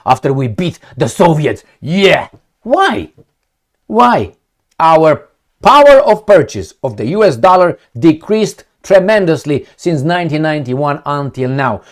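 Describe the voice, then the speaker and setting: Guy ranting about politics on his channel, sarcastic, voice swings up and down a lot. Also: a little high. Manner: emphatic, sarcastic, rhetorical questions. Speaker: political commentary host. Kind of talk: opinionated solo commentary.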